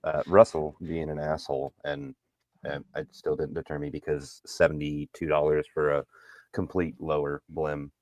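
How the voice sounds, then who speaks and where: A man's voice: very deep voice, flat delivery, normal speed, no echo. A man chatting casually as a co-host, making dry, blunt remarks. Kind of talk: casual chat.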